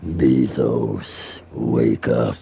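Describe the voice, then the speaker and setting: A booming, menacing demon growls out each word slowly and heavily, as a gamer puts the voice on. The tone is far deeper than his usual voice and gravelly, with a dark, mellow edge. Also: full character voice. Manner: slow, drawn-out, ominous delivery.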